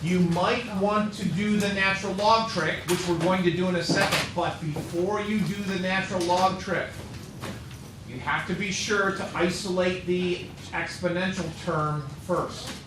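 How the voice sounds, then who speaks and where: During a calculus lecture, a man with a high voice speaks at a measured pace and with fairly even intonation, tiredly joking with his students while he solves a problem. The classroom sounds echoey, with faint noise present.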